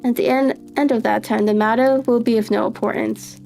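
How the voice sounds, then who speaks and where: A woman's voice: on the high side, fairly even intonation, brisk, gravelly, warm tone, faint music behind. A woman voicing an imposing, secretive masked nobleman in a live story reading. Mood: grave.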